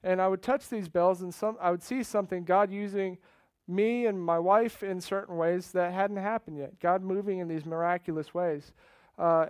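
A man preaching as a pastor, telling a personal story with earnest feeling that swings between hushed and loud. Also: sits high, clean tone, no room sound. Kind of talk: sermon.

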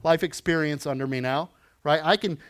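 A pastor in his forties preaching a conversational sermon, dropping to quiet asides and rising to loud emphatic lines, often adding "right?". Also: on the high side, moderate pace. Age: 40s.

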